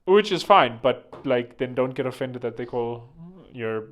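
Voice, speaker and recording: A man's voice: medium pitch, lively intonation, unhurried. A man hosting a vlog with rambling comedic commentary, joking and digressing, full of fillers. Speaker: vlog host.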